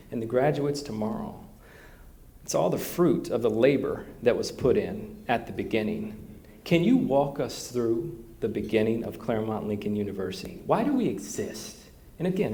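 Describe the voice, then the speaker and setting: A man's voice: lowish voice, creaky, mellow, a little hiss or hum. A man hosting a live interview on a studio stage, telling a folksy joke before asking his guest questions. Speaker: interviewer and podcast host.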